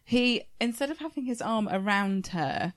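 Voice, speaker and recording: A woman co-hosting a podcast in casual chat, chatty and quick to laugh. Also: a little high, animated. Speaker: podcast co-host.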